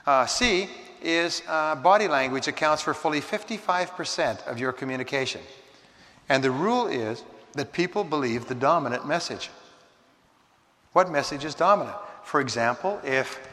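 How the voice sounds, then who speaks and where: A man's voice: on the high side, expressive, bright, forceful tone. Man lecturing in a reverberant hall. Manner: measured, emphatic lecturing with dramatic slowdowns. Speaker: seminar speaker. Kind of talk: motivational seminar talk.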